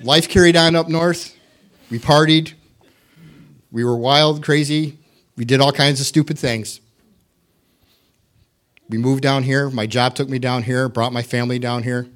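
A middle-aged man from the United States shares his personal testimony at church. He talks in a candid, conversational way and pokes fun at himself with dry humor. His voice sits at an ordinary middle pitch. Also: steady tone, measured pace, long pauses. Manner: candid, self-deprecating, wry humor. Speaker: church member giving testimony.

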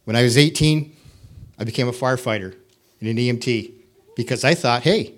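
A man's voice: medium pitch, brisk. A middle-aged man from the United States giving a candid, self-deprecating personal testimony in a church, with wry humor.

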